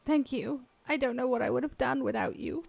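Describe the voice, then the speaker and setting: Brief: woman streamer voicing elderly nursemaid, higher and softer, begging for help. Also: fairly quick, creaky, heavily acted. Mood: grateful.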